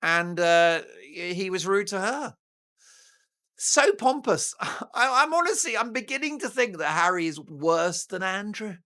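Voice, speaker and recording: A man's voice: sits high, lively intonation, unhurried, pushed and bright. A British man hosting a talk show, giving mocking, sarcastic news commentary in a theatrical way. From Britain.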